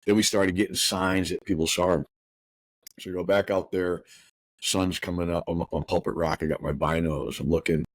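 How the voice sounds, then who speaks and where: A middle-aged man hosting a podcast, telling a painful personal story in a rough, profane, rushed way full of restarts. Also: low-pitched, steady tone, dry recording. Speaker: podcast host.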